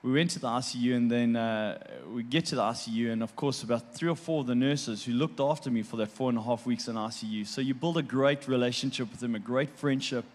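A man, a guest on a talk show, telling a personal story in a heartfelt, halting way, repeating words and laughing between moments. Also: medium pitch.

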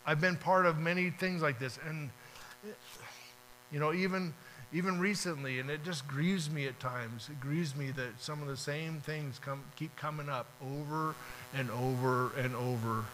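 A male pastor whose voice is on the high side and a bit bright preaches at a moderate pace, talking casually and acting out little prayers and dialogues. The recording is low quality with slight background noise.

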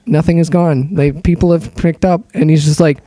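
A young man telling animated stories in casual chat, swearing often and acting out other people in quotes. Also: a little high, moderate pace.

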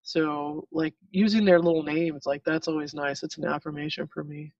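Candid rambling man, slightly higher voice. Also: level tone, moderate pace, darkish tone, no echo, recorded from a distance, lo-fi sound. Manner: rambling, candid, frequent fillers. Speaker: group participant sharing about pet loss. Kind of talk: casual support-group sharing.

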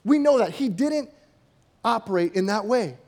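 A male preacher delivering a sermon in an easy, conversational way. He often asks rhetorical questions and slips into acted-out quotes. His voice sits high for a man. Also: animated, normal speed, a little mellow.

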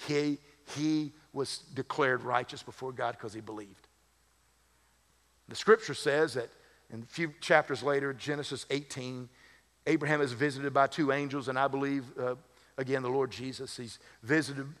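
A man's voice: medium pitch, steady tone, moderate pace, fairly bright tone. A man serving as lead pastor, preaching a sermon in a conversational way with humorous asides. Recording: long hall reverb.

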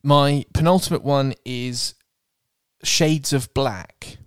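A man's voice: mid-range voice, takes it slowly, clean tone, dry recording, studio quality. Sweary man ranting with a laugh. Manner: sweary, exasperated, laughs often. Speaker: podcast co-host. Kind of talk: casual comedic rant.

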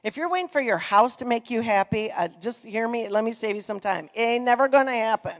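A middle-aged woman giving an earnest, conversational sermon testimony, swinging between loud emphasis and soft, quiet passages. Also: a little high, animated, fairly quick. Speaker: church speaker. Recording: long reverb in a large hall.

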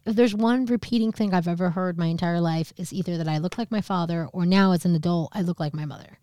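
A woman's voice: on the low side, fairly even intonation, fast, few pauses, mellow, no room sound, clean studio sound. Candid woman telling a story. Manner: candid, swearing, acts out quoted voices. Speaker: podcast co-host. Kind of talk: casual storytelling chat.

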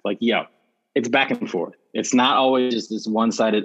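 A man speaking as a podcast guest, telling stories in a blunt, profane, animated way. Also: medium pitch, moderate pace, slightly rough, highs cut off. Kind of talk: casual conversational interview.

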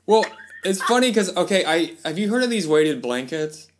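A man's voice: sits high, sing-song, moderate pace, a little hiss or hum. A man hosting a podcast, chatting casually and rambling, with lots of fillers and restarts. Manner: puts on voices when quoting people. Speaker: podcast host. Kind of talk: casual chat.

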